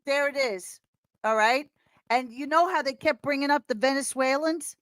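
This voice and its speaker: A woman as a podcast guest in casual chat, talking in an animated, rambling way and laughing often. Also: high-pitched, normal speed, no echo.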